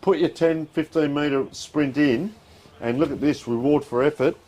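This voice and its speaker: A man's voice: on the high side, normal speed. A man with an Australian accent calling a community football match live from the ground, easygoing and chatty, reading out scores between plays. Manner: relaxed, chatty play-by-play with score calls. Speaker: football commentator. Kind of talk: live sports commentary.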